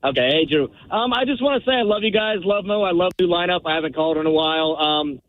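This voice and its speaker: A man's voice: sits high, fast talker, no room sound. Hesitant male caller over a tinny phone line. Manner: hesitant, apologetic fan. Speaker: radio caller. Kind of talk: casual phone call.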